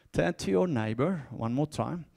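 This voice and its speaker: High-voiced preacher. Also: male voice, creaky. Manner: animated preaching, repeats phrases, swings from soft asides to shouts; laughs often, stumbles and restarts when fired up. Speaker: pastor. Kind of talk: sermon.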